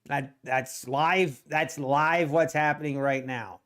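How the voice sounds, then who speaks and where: Man, live stream host, excitable, laughs a lot, high voice. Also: slow. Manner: excitable, laughs often, repeats himself. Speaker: day-trading livestream host.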